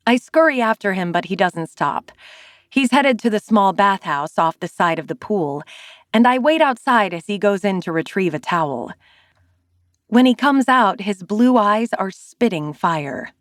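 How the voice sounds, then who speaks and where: A young woman reads a first-person romance audiobook in an expressive way, her pitch at a middle height but lively and swinging. She is recorded close and dry, with no room sound. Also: moderate pace, no room sound. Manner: expressive, with high gasps in dialogue. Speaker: audiobook narrator.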